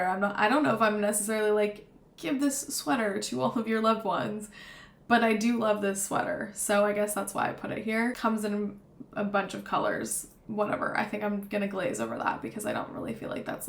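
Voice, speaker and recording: A young woman chatting casually about gift ideas, rambling with lots of fillers. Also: medium pitch. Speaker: vlogger. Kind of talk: casual gift-guide talk to camera. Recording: roomy echo.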